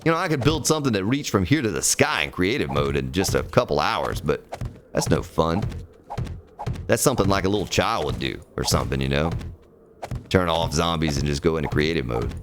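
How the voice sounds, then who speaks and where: A man's voice: low-pitched, animated, brisk, noisy background. A man chatting casually and ramblingly while streaming a building game. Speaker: gaming streamer. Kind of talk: casual let's-play commentary.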